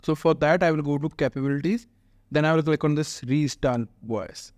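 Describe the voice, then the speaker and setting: A man hosting a casual software walkthrough, chatty and explaining step by step with many "uh" fillers. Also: fairly high pitch, moderate pace, no echo, studio quality. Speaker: tech tutorial host.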